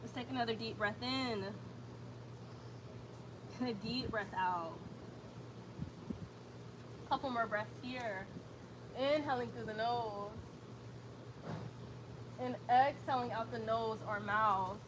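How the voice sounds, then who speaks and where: A woman guiding a yoga stretch routine with steady breathing cues and casual asides. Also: on the high side, slow, pauses often, noisy background. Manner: calm breath cues, chatty when reading comments. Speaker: yoga instructor. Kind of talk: guided yoga instruction.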